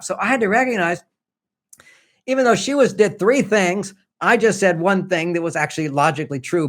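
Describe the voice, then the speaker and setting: An older man speaking as a podcast guest, his voice sitting a little higher than most men's. He tells relationship stories in a loose, chatty way and acts out what each person in them said. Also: fairly bright tone. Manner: anecdotal, acts out quoted dialogue. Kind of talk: conversational storytelling.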